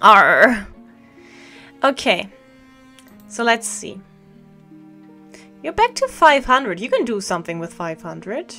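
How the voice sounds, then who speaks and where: A woman's voice: fairly high pitch, huge pitch swings, measured pace, pauses often, a bit bright. Woman streamer, chatty and playful, reads game text aloud, faint music underneath. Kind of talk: casual game commentary reading dialogue aloud.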